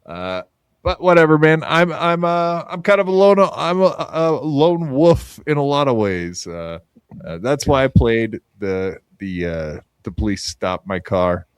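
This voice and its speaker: A man's voice: mid-range voice, very animated, a little slow, clear, resonant tone, no echo. A man hosting a podcast in casual, crude chat, rambling with lots of fillers and poking fun at himself. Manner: rambling, crude, self-mocking, many fillers. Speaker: podcast host.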